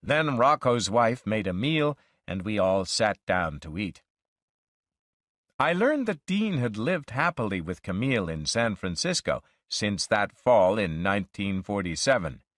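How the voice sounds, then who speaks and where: Man reading a story slow and clear, lively pitch, dry sound. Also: no echo. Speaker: story reader. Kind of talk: slow storybook narration for learners.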